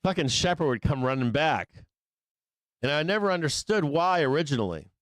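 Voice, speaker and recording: A man's voice: a little high, animated, brisk, dry recording. Profane rambling man in a dry studio. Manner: profane, rambling, laughs often, acts out voices. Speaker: live trading show host. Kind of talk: casual storytelling between market commentary. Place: studio office.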